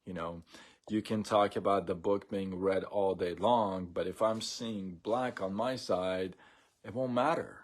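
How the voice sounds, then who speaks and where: A man hosting a casual live stream, talking in a relaxed, rambling way with many fillers and restarts. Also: low voice, unhurried.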